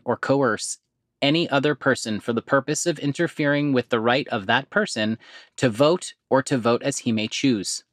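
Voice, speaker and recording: An earnest male podcast host speaking at a middle pitch, direct and practical. He slows down carefully when he reads out numbers and adds the odd casual aside. The recording is dry and close, with no room sound. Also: no room sound. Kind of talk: informational podcast talk.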